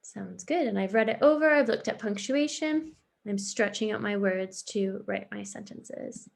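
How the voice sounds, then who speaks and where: A woman's voice: medium pitch, animated, normal speed, gravelly. A woman, a primary school teacher giving a recorded online lesson to young children, patient and encouraging as she explains step by step.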